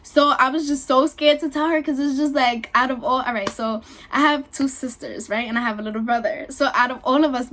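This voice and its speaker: A woman's voice: fairly high pitch, a bit bright, a little hiss or hum. A young woman, casually telling a personal story to her channel, chatty and full of fillers. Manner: chatty, lots of fillers and "y'all". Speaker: vlogger.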